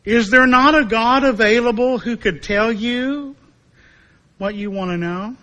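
A male preacher voicing an Old Testament prophet with sarcasm and disdain, dropping a little lower and quieter. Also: a little slow, exaggerated voice. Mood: disdainful.

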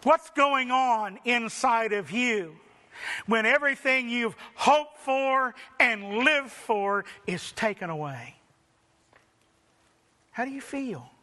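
High, bright-voiced male preacher. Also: expressive. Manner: rhetorical questions, dramatic pauses. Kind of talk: sermon.

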